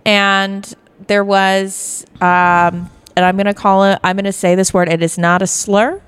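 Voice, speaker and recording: A woman's voice: medium pitch, little pitch movement, a little slow, a bit bright, smooth, dry recording. A young adult woman comedian from Virginia, telling stories in a dry, self-deprecating way during a casual bar podcast chat. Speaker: guest comedian.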